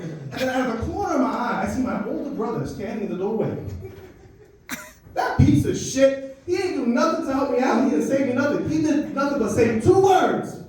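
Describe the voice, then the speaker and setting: A man of Dominican heritage doing a stand-up set, telling an animated, profane story and working the crowd. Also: very high-pitched, moderate pace. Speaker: stand-up comedian. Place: comedy club stage. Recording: echoey club from a distance.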